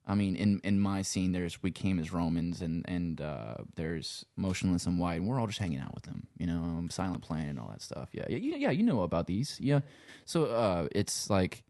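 A man from Louisiana talks in a loose, casual way, with a Cajun accent and plenty of cursing. His voice sits deep and gravelly. The recording is dry and close, with no room echo. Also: sing-song, moderate pace, dark tone. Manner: loose and swearing, lots of "you know". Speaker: guest, sound engineer and musician. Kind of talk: casual interview chat.

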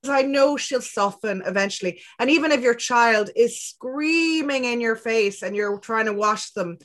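A woman with a slightly high voice, speaking as a podcast guest. She talks in a gentle, reflective way, full of soft filler words. The tone is easy and conversational. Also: measured pace. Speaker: guest, clinical psychologist. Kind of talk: casual conversation.

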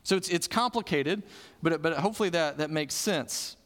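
High-voiced pastor in a reverberant hall. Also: male voice, moderate pace, fairly bright tone. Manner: conversational preaching, asks and answers questions. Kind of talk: sermon.

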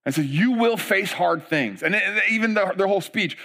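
A middle-aged man preaching a sermon as pastor, conversational and animated, with frequent asides. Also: high voice, moderate pace, gravelly.

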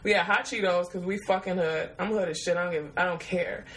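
A woman's voice: on the low side, fairly even intonation, fairly quick, fairly bright tone, rough recording. Profane, laughing woman telling a story. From Detroit, USA. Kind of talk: casual storytelling.

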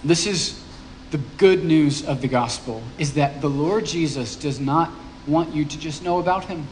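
A man's voice: on the high side, moderate pace, a little mellow, a little hiss or hum. A man, a pastor, preaching a sermon in a conversational, joking way, checking in with the congregation. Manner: conversational, playful asides to the congregation.

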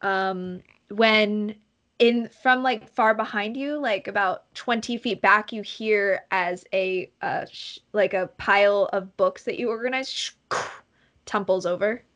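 A woman's voice: medium pitch, unhurried, a bit bright, highs cut off. A woman narrating a tabletop game as game master, rambling and hesitant with many ums.

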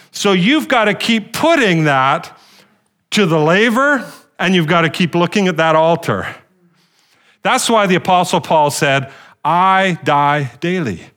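A man preaching a sermon, rallying the congregation with questions and calls for amen, often restarting and repeating phrases. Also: sits high. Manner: animated preaching with call-and-response to the congregation. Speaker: pastor.

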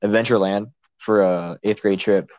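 Goofy, deep-ish teenage boy. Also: moderate pace, no room sound, dull audio. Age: teens. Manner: goofy, deadpan jokes. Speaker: podcast co-host. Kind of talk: casual chat.

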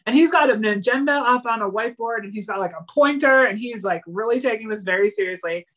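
A woman co-hosting a podcast, retelling a TV episode in an animated, chatty way and slipping into the characters' lines. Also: fairly high pitch, fast talker. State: yawning, a little tired. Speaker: podcast co-host. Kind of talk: casual chat recapping a TV episode.

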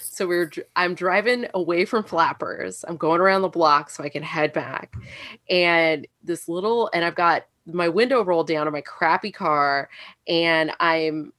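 A woman hosting a podcast, telling stories in an animated way and laughing often. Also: on the low side, dry recording, clean studio sound. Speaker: podcast host. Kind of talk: casual chat.

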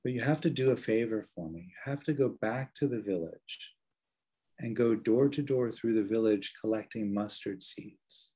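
A serene spiritual teacher, voiced by a male storyteller speaks in slow, measured, soft phrases. The voice is low and a little husky. The delivery is gentle, near the teller's own.

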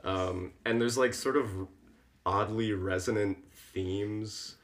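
Relaxed low-voiced young man chatting. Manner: relaxed, agreeable, quick to affirm. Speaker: podcast co-host. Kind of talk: casual chat.

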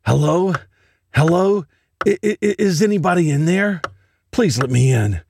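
A man's voice: fairly high pitch, animated, measured pace, gravelly, darkish tone, slightly rough, no room sound, studio quality, voice pushed up, exaggerated voice. A man voicing an unseen creature that imitates a scared little girl, pleading and stammering. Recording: noisy home recording.

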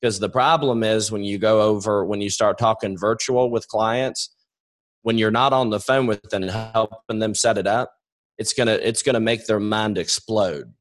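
A young man coaching his sales team over a webinar, with a voice that sits a little low. He gets his points across directly, says them more than once, and plays out both ends of a phone call himself. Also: fairly even intonation, normal speed. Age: young adult. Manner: direct, repeats points, acts out phone calls.

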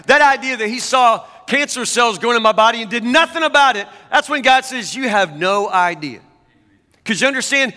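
A man's voice: very high voice, bright, forceful tone, long reverb tail. A man preaching a sermon as a pastor, talking conversationally and often stammering into restarts.

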